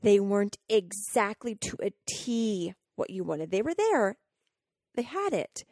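This studio-quality, echo-free recording has a woman's mid-range voice, a bit slow and mellow, with large pitch swings. She's a podcast host and coach telling a personal story earnestly and with emotion, acting out her own inner dialogue.

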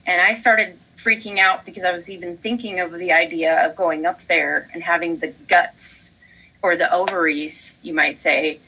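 A woman's voice: fairly low pitch, fairly even intonation, normal speed, pushed and bright, breathy edge, low-quality recording. A young woman co-hosting a podcast, telling a story in casual chat and acting out her own panicked quotes. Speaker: podcast co-host.

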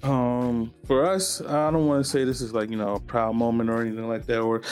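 A man's voice: medium pitch, steady tone, fairly quick, a little mellow, soft background music. A man co-hosting a podcast, telling stories in an easygoing way, full of "like" fillers. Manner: easygoing storytelling, lots of "like" fillers. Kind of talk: casual chat.

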